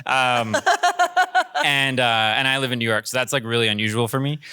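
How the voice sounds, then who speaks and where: A man's voice: mid-range voice, big pitch swings, moderate pace, bright, forceful tone, smooth, dry recording. A man directing commercials, telling a rambling, filler-heavy story on a panel in a theater. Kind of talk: casual panel talk.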